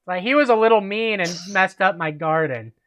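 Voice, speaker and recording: A man's voice: high-pitched, normal speed, fairly bright tone. A man hosting a reading of a fan story aloud, chatting and laughing with friends between passages. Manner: amused, laughing reader. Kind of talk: reading aloud and casual chat.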